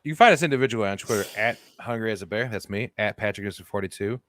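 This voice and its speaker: A man's voice: on the low side, fairly bright tone, no echo, clean studio sound. A man co-hosting a comedy podcast, teasing his co-host and riffing on stories in casual chat. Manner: joking, teasing, fast riffing.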